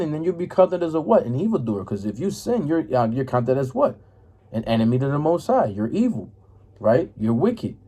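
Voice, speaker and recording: A man's voice: on the high side, warm tone, breathy edge. A man giving an informal scripture lesson, reading verses and explaining them in a casual, repetitive way, often checking in with "right?" and "man". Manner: casual, repeats "right?" and "man", stumbles while finding verses. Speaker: religious teacher.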